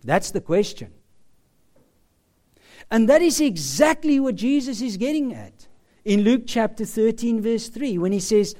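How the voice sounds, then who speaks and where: A man preaching a sermon, slow and emphatic, with dramatic pauses. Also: sits high, expressive, dark tone.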